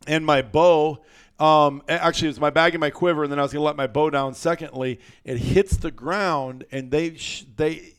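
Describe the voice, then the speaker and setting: Man, guest storyteller, a bit high-pitched, smooth clear voice, animated and salty. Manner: animated, colorful storyteller with mild cursing. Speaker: guest hunter. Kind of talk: casual storytelling on a podcast.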